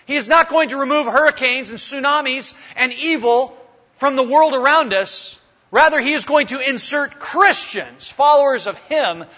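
A man preaching a sermon in an animated way, voicing sarcastic paraphrases with exaggerated emphasis. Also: high-pitched. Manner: animated, shifts into mock voices for sarcastic paraphrase. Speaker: pastor. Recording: dull lo-fi sound with long hall reverb.

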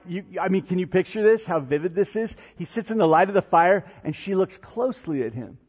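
A husky-voiced man preaching from a pulpit, his voice pitched a little high and pushing hard on the big moments before falling quiet. The sound is dull and lo-fi, with a long reverb trailing through a large church hall. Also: brisk, hardly any pauses. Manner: animated preaching, rising to near-shouts then dropping low and soft. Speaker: pastor. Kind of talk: sermon.

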